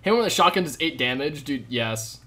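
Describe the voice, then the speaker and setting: A young man live-streaming a game, chatting with viewers in a jokey, rambling way with sudden loud outbursts. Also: a little high, lively intonation, brisk. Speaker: gaming streamer. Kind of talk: live gameplay commentary with chat.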